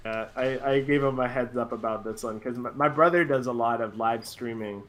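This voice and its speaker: A man chatting casually as a guest on a talk stream, laughing often and halting with fillers. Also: mid-range voice, fairly bright tone. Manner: giggly, laughs between phrases, halting with fillers. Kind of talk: casual chat.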